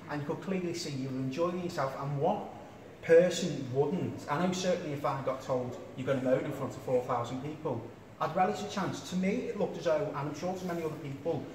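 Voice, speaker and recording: A man's voice: on the high side, darkish tone. A man hosting an interview, asking long-winded, jokey questions. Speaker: interviewer, host. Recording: echoey room, distant mic, faint noise.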